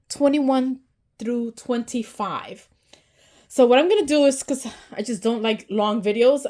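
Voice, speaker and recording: A woman hosting an unboxing video, gushing and excited, sometimes dropping to a soft whisper as she opens items. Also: a little high. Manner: gushing, excitable, often says "so stinking cute". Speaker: unboxing channel host. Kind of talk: casual unboxing narration.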